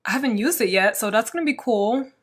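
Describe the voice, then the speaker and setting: A woman hosting a casual crochet podcast, chatting to the camera in a rambling, excitable way with plenty of "like" fillers. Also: fairly high pitch, husky. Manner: excitable, quick to get worked up. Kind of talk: casual chat showing yarn to camera.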